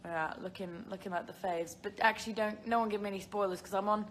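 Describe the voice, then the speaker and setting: A woman's voice: medium pitch, fairly even intonation, fast talker, fairly bright tone, slight background noise. A young woman with a British accent, chatting casually on a live stream from her phone, rambling with lots of fillers and giggles. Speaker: live-stream host answering viewer questions.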